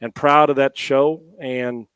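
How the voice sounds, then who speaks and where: A man's voice: mid-range voice, steady tone, takes it slowly, fairly bright tone, clean tone, no room sound. Emotional man with a dry close sound. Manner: heartfelt, repetitive restarts. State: emotional, near tears. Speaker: guest, former NFL quarterback and radio host. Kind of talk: emotional interview talk.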